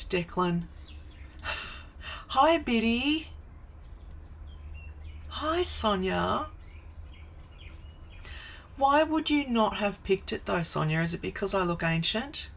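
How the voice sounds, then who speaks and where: Slow-talking woman in her forties, livestream chat. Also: mid-range voice, expressive, creaky, fairly bright tone, low-quality recording. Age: 40s. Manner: chatty, greets viewers by name, wanders off topic. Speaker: live stream host. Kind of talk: casual live stream chat. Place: home office.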